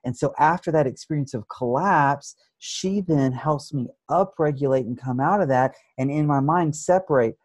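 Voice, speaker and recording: A man who works as an addiction therapist, explaining his approach in an interview with thoughtful pauses and frequent restarts. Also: a little high, no echo. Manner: thoughtful, many restarts, acts out examples.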